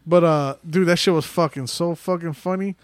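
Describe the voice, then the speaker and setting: Man, podcast co-host, slightly high voice, dry close sound, rambling profane storyteller. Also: moderate pace, clear, resonant tone, no echo. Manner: loose storytelling, heavy swearing, frequent laughs. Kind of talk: casual podcast chat.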